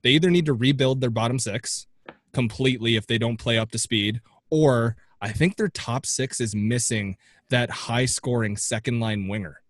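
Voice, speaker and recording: A man appearing as a podcast guest, giving animated and chatty hockey analysis. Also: medium pitch, normal speed, no echo. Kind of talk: casual sports chat.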